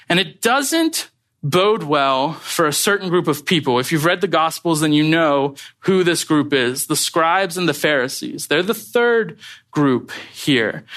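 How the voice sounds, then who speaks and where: A young man preaching a sermon, speaking straight to his listeners in an earnest, pressing way. His voice sits a little higher than most men's, and he leans into key points with rising emphasis. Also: fairly bright tone. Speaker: pastor.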